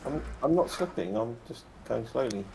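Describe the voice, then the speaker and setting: A man's voice: medium pitch, animated, normal speed, gravelly, noisy background. A man chatting over voice chat with a co-op game partner, teasing him dryly. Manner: dry, teasing. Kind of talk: casual gaming chat.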